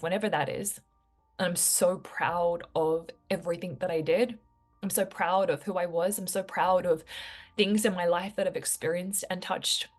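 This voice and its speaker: A woman's voice: on the low side, darkish tone. A woman talking to her viewers in a heartfelt, reflective way, full of casual fillers. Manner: earnest, reflective, many fillers like "like". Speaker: vlogger. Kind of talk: heartfelt personal talk to camera.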